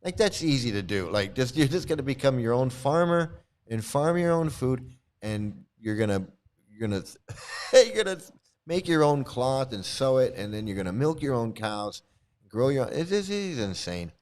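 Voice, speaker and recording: A man's voice: mid-range voice, big pitch swings, normal speed, darkish tone. A man on a live stream reading quotes aloud and commenting on them with scorn, sometimes bursting out in anger and swearing. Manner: angry outbursts with swearing.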